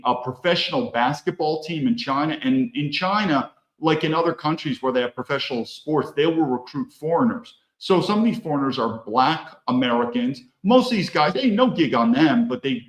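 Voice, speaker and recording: A man giving emphatic political commentary while playing video clips, repeating his key phrases for stress. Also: medium pitch. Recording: echoey room.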